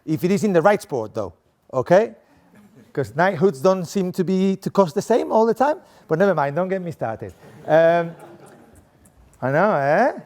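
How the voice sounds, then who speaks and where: Middle-aged man with a Spanish accent, slightly high voice; chatty, playful lecturer working the room. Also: animated, moderate pace, darkish tone. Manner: playful, chatty, tags lines with "okay?". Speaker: sport coaching professor giving a talk. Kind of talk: interactive talk to a live audience. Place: room with a seated audience at desks.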